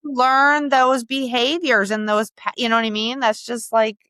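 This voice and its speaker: A woman's voice: on the high side, level tone, normal speed, a bit bright, clear, resonant tone, no echo, clean studio sound. A woman co-hosting a podcast in casual chat, laughing often and using lots of "like". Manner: laughs often, many "like" fillers. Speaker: podcast co-host.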